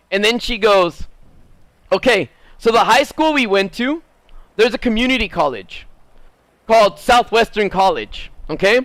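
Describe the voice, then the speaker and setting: A man in his thirties from Southern California, casually telling a personal story while streaming, jumping up into excited bursts when he quotes himself. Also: normal speed, no room sound. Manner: animated, rising to excited high bursts when quoting himself.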